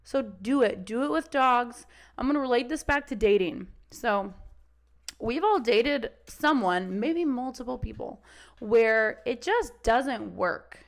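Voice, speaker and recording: A woman's voice: on the high side, lively intonation, slow pace. A young adult woman dog trainer talking casually on a podcast, swearing freely and acting out the voices of dogs and owners.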